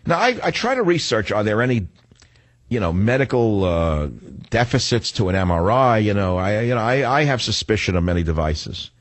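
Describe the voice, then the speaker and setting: A man's voice: fairly low pitch, expressive, moderate pace, no room sound. An older man hosting a talk radio show, delivering a rambling, sarcastic monologue with frequent restarts and self-corrections.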